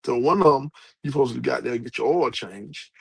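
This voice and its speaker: A man holding forth on his show, blunt and profane, wandering from point to point. His voice is gravelly with a husky edge, and the sound is dry and close. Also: medium pitch, brisk, dry recording, rough recording. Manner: blunt, profane, rambling, heavy Southern US dialect grammar. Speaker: host. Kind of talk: profane casual rant to a live audience.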